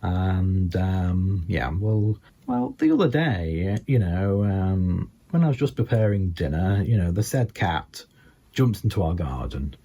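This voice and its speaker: Low, husky Scouse man telling deadpan jokes. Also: lo-fi sound. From England. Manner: halting, full of ums and you-knows. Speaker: stand-up comedian. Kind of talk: deadpan stand-up storytelling.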